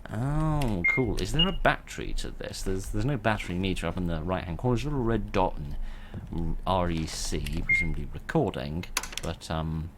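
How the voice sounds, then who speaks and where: Male game commentator, deep and very animated delivery, dry sarcastic asides; noisy background hiss. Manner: wry, sarcastic, rambling asides. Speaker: gameplay commentator. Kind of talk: let's play commentary.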